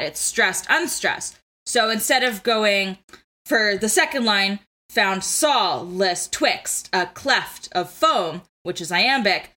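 A woman's voice: mid-range voice, sharp tone. A young woman co-hosting a casual podcast, eagerly explaining poetic meter with lots of "like" and restarts. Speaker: podcast co-host. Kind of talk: casual chat with literary analysis.

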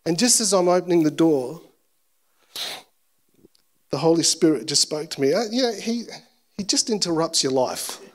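A male pastor preaching a sermon at a church service, telling a personal story in an animated, self-deprecating way. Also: fairly high pitch, moderate pace, long pauses.

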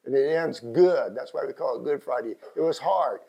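A middle-aged man with a Texan accent preaching a sermon as pastor, swinging from quiet asides to impassioned shouted lines. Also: medium pitch, normal speed, gravelly, husky, low-quality recording. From Texas.

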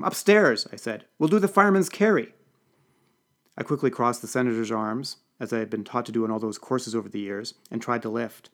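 In a dry, deadpan manner, a man with a mid-range voice narrates a first-person comic story for an audiobook podcast.

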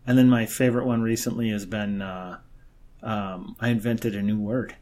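A man's voice: fairly low pitch, fairly even intonation, moderate pace, darkish tone. A man in casual chat, telling long crude jokes and acting out the characters in them. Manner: rambling joke-teller acting out characters.

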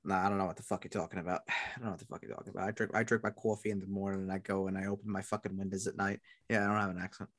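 A man with a New York accent co-hosting a casual sports podcast, blunt and profane, trailing off into low mumbled asides. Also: flat delivery, racing, hardly any pauses, fairly bright tone. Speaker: podcast co-host.

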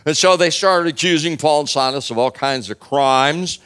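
Casual, animated male preacher. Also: a little high, normal speed, clean tone. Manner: animated, casual, humorous retelling with many fillers. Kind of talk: sermon storytelling.

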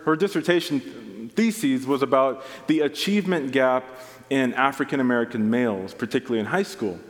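A man's voice: medium pitch, long reverb tail. A man preaching an earnest sermon, building to emphatic peaks. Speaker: pastor.

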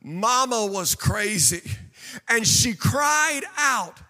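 A man preaching a fervent sermon in a very high, bright, ringing voice. His words rise into chanted, shouted crescendos and then fall back, unhurried. The sound carries a long reverb, as from a large church sanctuary. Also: animated. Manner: impassioned preaching with sing-song cadence and shouted peaks. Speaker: pastor.

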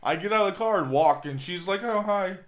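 A man's voice: high-pitched, lively intonation, fast. A man telling a story bluntly in casual chat.

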